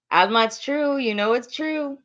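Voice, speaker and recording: Woman, from Latin America, loud, fast, laughing often, casual live-stream chat, low-ish voice, dull lo-fi recording.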